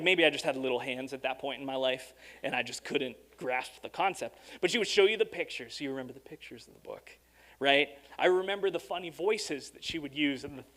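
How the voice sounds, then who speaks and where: A young adult man preaching as a guest speaker in a church, reading rhyming verse with expression and then telling stories in a lively, casual way. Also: fairly high pitch. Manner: animated storytelling, reads rhyming verse expressively. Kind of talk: sermon.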